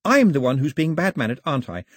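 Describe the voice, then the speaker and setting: A man voicing a prim, excitable, well-spoken young girl who speaks high and with emphasis. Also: no room sound, studio quality. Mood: apologetic eager. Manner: high and emphatic, slow deliberate words when teaching.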